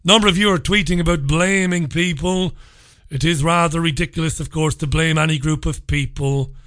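A man's voice: fairly high pitch, fairly even intonation, normal speed, fairly bright tone, no room sound, clean studio sound. A man hosting a live radio talk show in a chatty, upbeat way with rambling asides. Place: radio studio.

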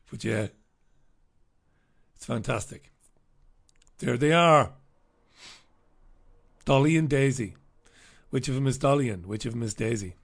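A man's voice: medium pitch, unhurried, gravelly, pauses often, darkish tone. A middle-aged man hosting a casual live stream, chatting and joking as he greets viewers by name. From Ireland.

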